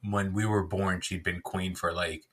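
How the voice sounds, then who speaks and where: A man's voice: sits low, little pitch movement, normal speed, a bit bright. A man in his thirties co-hosting a podcast, talking in a loose, rambling, self-deprecating way with lots of filler words. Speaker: podcast co-host. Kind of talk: casual chat.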